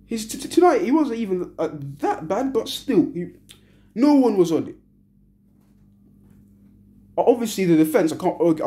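Young woman, furious fan rant, heavy swearing, repetitive, very animated pitch. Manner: furious, profane, repeats short phrases. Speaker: football fan giving a match reaction. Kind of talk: angry post-match rant.

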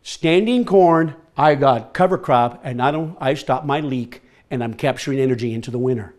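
A man presenting a farming workshop to a live audience, energetic and quizzing the listeners as he talks. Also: medium pitch, normal speed. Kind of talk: lively workshop talk.

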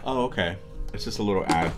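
A young man hosting a casual unboxing vlog, talking in an excitable, gushing way with lots of ums and restarts. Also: lowish voice, fast talker, music in the background. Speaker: vlogger.

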